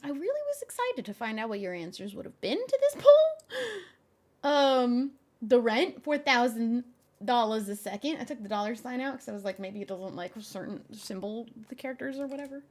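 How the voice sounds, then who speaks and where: Animated young woman streamer chatting. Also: a little high, a little fast. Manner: animated, exasperated, laughs often. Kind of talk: casual live-stream chat.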